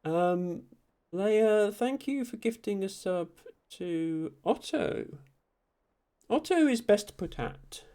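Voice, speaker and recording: A young man streaming, reading chat messages aloud and thanking viewers, with frequent ums and soft laughs. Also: high voice, lively intonation, slow pace, clean tone. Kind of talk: casual live-stream chat.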